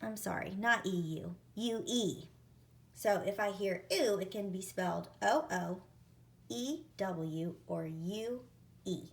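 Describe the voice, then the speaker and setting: A woman teacher leading an early-reading spelling lesson, sounding out words and letters deliberately. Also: medium pitch, creaky.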